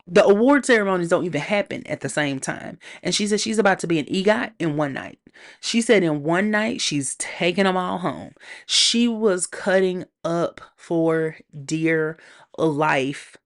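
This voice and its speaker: Woman host, solo review chat; animated, sassy delivery, slightly low voice. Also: a little slow. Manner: animated, sassy, playful slang. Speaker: TV show reviewer.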